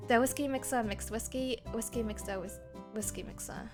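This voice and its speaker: A young woman streams a game and chats casually, giggling and sometimes switching between English and German. Her voice is fairly high and her pace moderate. Game music plays faintly in the background.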